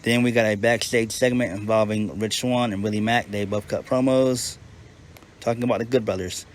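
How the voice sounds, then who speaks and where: A man with a fairly low voice talks through a casual, off-the-cuff review. He is blunt and profane and often starts a sentence twice. Faint background noise sits under his voice. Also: steady tone, normal speed. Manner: blunt and profane, with frequent restarts. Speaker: wrestling show reviewer. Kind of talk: casual unscripted recap.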